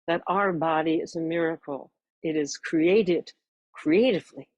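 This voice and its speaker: A woman's voice: sits low, no room sound, rough recording. Older woman voice teacher, dry close sound. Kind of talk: course introduction talk.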